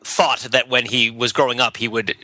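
Man podcast co-host, rambling talker, very bright tone, dry close headset sound. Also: mid-range voice, level tone, normal speed, no room sound, rough recording. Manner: rambling, self-interrupting, laughs often. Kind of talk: casual discussion of literature.

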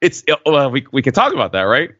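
A man's voice: mid-range voice, very animated, fast talker, fairly bright tone, husky, dry recording. A man in his forties from the United States co-hosting a podcast, chatting and explaining things at length. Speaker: podcast co-host. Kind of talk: casual podcast chat. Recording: dry, slightly muffled podcast audio.

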